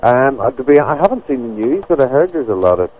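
A man's voice: medium pitch, sing-song, quick pace. A man, a pub general manager, politely and hesitantly turning down a caller over the phone. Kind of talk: phone call. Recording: lo-fi phone call audio.

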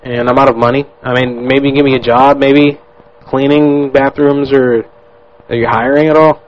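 A man's voice: medium pitch, level tone, normal speed, natural voice. A man playing a pushy, stranded male tourist who rambles on and begs for work in a prank phone call. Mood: pleading. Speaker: prank caller. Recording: lo-fi podcast audio.

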